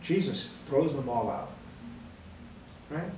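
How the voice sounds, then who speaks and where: A man's voice: medium pitch, expressive, slow, darkish tone, slight background noise. A man preaching a sermon in a conversational way, often checking in with "right?". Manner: conversational, keeps asking "right?". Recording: very echoey room, mic far off.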